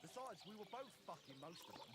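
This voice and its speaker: A crude medieval drinking man in a game, mocking his friend. The voice sits high and swings widely. Loud birds and rural outdoor noise run behind him. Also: very animated, brisk. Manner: mocking, sings lewd rhymes. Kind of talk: video game dialogue.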